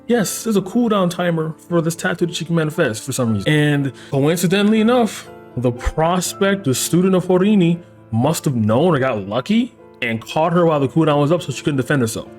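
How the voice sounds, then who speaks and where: A man hosting a casual plot recap. He talks in an animated, sarcastic way, swears freely and slips into quick mock voices for the characters. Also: on the high side, soft background music. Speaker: anime recap host.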